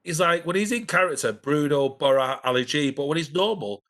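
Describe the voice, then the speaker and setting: A man's voice: fairly high pitch, fairly quick, fairly bright tone. A man co-hosting a casual live-stream chat, hesitant with many fillers and false starts. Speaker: podcast co-host.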